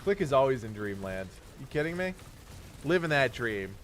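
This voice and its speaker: A man's voice: medium pitch, big pitch swings, a bit bright, slight background noise. A man streaming a game live, chatting casually and reading out where his viewers are tuning in from. He has kids. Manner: upbeat, reads viewer names in a quick rattled list. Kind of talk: casual live-stream chat while gaming.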